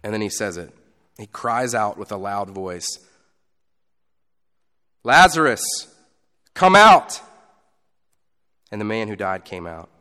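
A pastor giving a sermon in a conversational style, moving between loud emphasis and quiet asides. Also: male voice, lowish voice, fairly even intonation, normal speed, clean tone, in a large hall.

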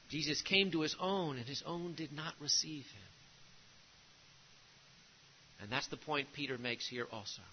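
A man preaching a sermon, emphatic, repeating key phrases and dropping to a hush on grave lines. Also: sits high, highs cut off, a little hiss or hum.

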